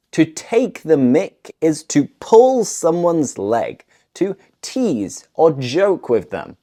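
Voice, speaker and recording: A woman from the north of England with a Northern English accent, teaching English phrases in a clear, deliberate way. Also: low voice, very animated, mellow. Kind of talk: scripted language lesson.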